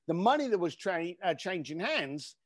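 Animated man telling a story. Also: high-pitched, moderate pace, dry recording, studio quality. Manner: animated, emphatic, swears casually. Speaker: podcast guest, speaker and coach. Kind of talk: storytelling in a podcast interview.

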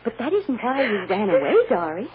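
A woman playing a devoted mother who softly soothes and coaxes her child, in 1940s radio acting on a dull old radio recording with hiss. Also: medium pitch, big pitch swings, fairly quick, natural voice. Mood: soothing. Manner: soft, soothing, coaxing.

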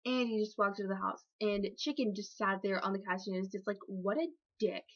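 A woman's voice: mid-range voice, fairly even intonation, fast talker, fairly bright tone, lo-fi sound. Rambling woman improvising a silly story. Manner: rambling, filler-heavy, swearing, self-correcting. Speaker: vlogger telling a made-up story.

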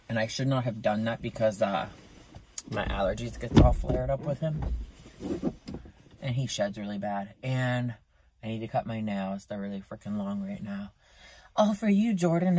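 Chatty young man ranting in a vlog. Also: a little hiss or hum. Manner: chatty, self-mocking, animated pitch jumps. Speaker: vlogger. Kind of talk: casual vlog rant. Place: in a car outside a store. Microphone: phone camera.

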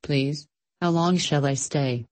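A woman's voice: sits low, slow pace, a little mellow. A woman voicing a timid, pleading scarecrow. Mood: anxious. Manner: pleading, sobbing, anxious. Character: timid, anxious scarecrow boy, eager to be useful.

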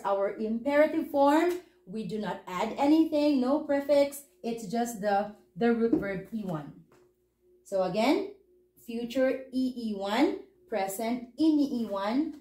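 A woman's voice: fairly high pitch, warm tone, reverberant, rough recording. A woman teaching a grammar lesson, patiently breaking words down and repeating them. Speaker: language teacher. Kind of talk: slow, explanatory grammar lesson.

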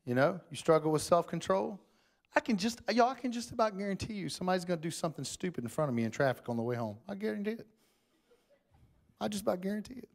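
A man preaching a sermon in church, talking conversationally to the congregation and closing in prayer. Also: a little high. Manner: conversational Southern-style preaching, addresses crowd as y'all.

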